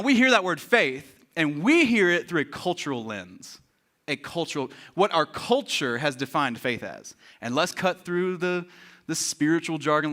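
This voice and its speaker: A man preaching a sermon as pastor, joking and acting out quotes with lots of energy. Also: a little high. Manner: animated, joking, acts out quotes. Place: church.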